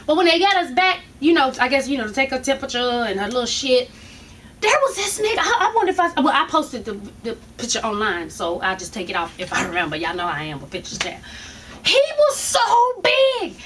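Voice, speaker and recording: A woman vlogger telling a story casually, animated and profane, laughing often as she goes. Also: fairly high pitch, brisk, a little hiss or hum.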